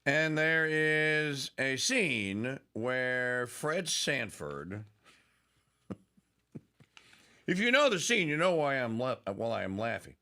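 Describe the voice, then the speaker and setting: Man, radio talk host, gravelly, bright, slow, lively pitch, rambling and laughing. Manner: rambling, laughing, doing mock voices.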